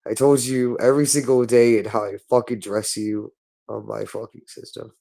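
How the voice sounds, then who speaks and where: A man's voice: mid-range voice, flat delivery, normal speed, gravelly, mellow. A man speaking in a hostile, repetitive monologue, berating someone and swearing constantly. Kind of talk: angry monologue.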